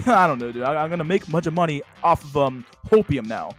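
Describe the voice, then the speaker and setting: A man's voice: a little high, lively intonation, brisk, fairly bright tone, faint music behind. A young man hosting a casual livestream, with profane, slang-heavy talk full of "dude" and "bro" and frequent restarts. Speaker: livestream host.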